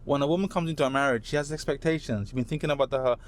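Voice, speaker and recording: A man from London with a London English accent, a podcast guest telling animated stories and tagging his points with "right?". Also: medium pitch, rapid-fire, a little hiss or hum. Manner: animated anecdotes, tags statements with "right?". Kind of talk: casual chat, storytelling.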